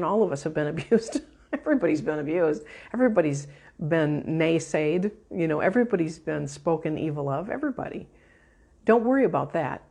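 A woman minister delivers a teaching sermon with a somewhat low voice. She is emphatic and directive, guiding her listeners through a prayer, with quick runs of words broken by slow, stressed lines. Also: a little mellow, breathy edge. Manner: uneven pace, quick bursts and slow stresses.

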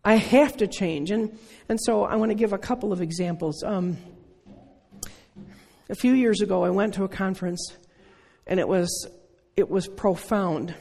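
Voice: medium pitch, normal speed, gravelly, pauses often, dark tone. A preacher in their sixties giving an earnest, conversational sermon full of rhetorical questions. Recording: long reverb of a large hall.

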